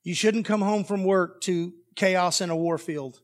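Male pastor, high-pitched, delivers a lively story-driven sermon. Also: measured pace. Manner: animated storytelling that acts out dialogue.

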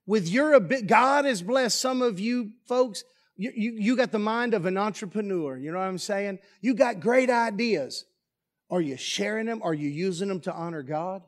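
High-voiced pastor preaching emphatically. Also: male voice, lively intonation, moderate pace. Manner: emphatic, rhetorical questions to the congregation. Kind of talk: sermon. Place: church sanctuary.

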